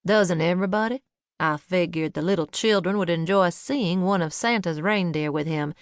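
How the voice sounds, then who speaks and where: A woman's voice: fairly low pitch, normal speed, smooth, no echo, studio quality, natural voice. A woman voicing an easygoing, cheerfully stubborn older father who loves a prank. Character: jovial older Southern father, playful prankster.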